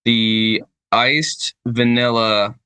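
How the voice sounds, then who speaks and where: Bright-voiced man rambling casually. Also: mid-range voice, little pitch movement, very slow, clean tone, no room sound. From Michigan, United States. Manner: rambling storyteller, heavy swearing, many fillers. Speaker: podcast guest, band vocalist. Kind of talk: casual chat.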